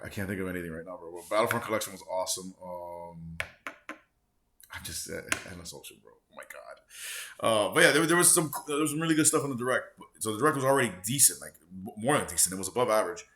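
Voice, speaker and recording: A man's voice: low-pitched, bright, forceful tone. A man of forty hosting a gaming channel, rambling casually in a loose, profane, slangy way. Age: 40s.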